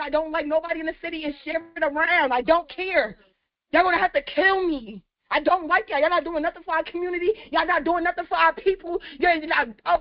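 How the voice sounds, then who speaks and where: A woman in her thirties, a community activist, ranting angrily with lots of swearing, her voice going hoarse. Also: very high voice. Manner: angry, profane, shouting in bursts. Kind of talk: impassioned rant. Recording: dull lo-fi clip.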